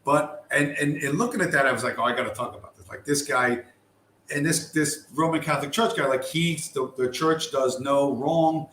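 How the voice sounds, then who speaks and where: A man's voice: fairly high pitch, steady tone, moderate pace, fairly bright tone. A man hosting a casual livestream, talking in a rambling, profane way with many restarts. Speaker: livestream host. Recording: echoey room with faint background noise.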